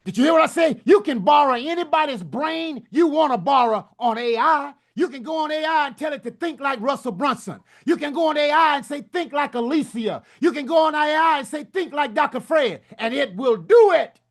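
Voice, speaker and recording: Hyped high-voiced coach. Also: male voice, expressive, brisk, few pauses. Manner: preachy call-and-response, folksy Southern US turns of phrase. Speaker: book coach and summit speaker. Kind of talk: hyped motivational talk.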